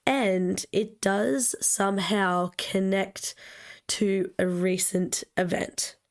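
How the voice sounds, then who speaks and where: A woman co-hosting a podcast in casual chat, hoarse and husky from a cold, relaxed and loose with her words. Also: mid-range voice, slow pace. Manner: relaxed, swears casually, trails off mid-sentence. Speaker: podcast co-host.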